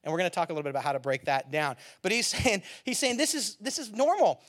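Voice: medium pitch, big pitch swings, quick pace. A pastor preaching a sermon with rising passion, building to fiery emphasis and then settling back.

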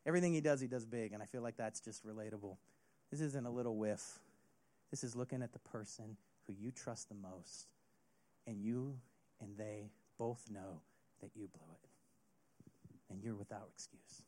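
A man preaching a sermon as a youth pastor, retelling a story with an expressive delivery. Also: fairly low pitch, normal speed, pauses often.

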